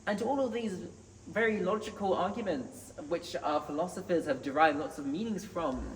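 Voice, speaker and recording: A man's voice: high-pitched, moderate pace. A man giving an earnest Friday sermon in a mosque, reciting Arabic scripture between his points. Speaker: mosque preacher. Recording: echoey hall, distant mic, faint noise.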